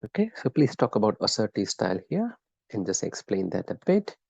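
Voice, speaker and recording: Gravelly low-voiced male lecturer. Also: very animated, fairly quick, darkish tone, dry recording, muffled recording. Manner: conversational, quizzes students by name, encouraging. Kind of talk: live online class teaching.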